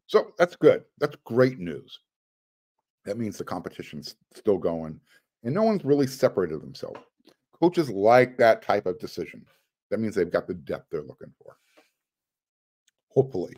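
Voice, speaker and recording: A man hosting a sports podcast, talking casually and excitedly as he runs through lineups. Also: medium pitch. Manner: excited, rattles off names. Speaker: podcast host.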